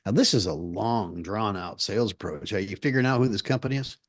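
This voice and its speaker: A man's voice: on the low side, fast, no room sound, studio quality. A man co-hosting a small business podcast, explaining a sales example in a casual way with small slips. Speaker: podcast co-host.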